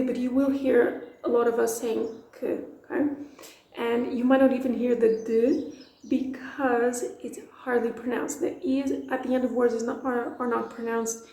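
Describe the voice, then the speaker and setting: In this low-quality clip from an echoey room, a woman from Portugal teaches a relaxed video lesson. She sounds on the high side, with a gravelly, dark tone. Her style is playful and talkative, and she leans on lots of examples.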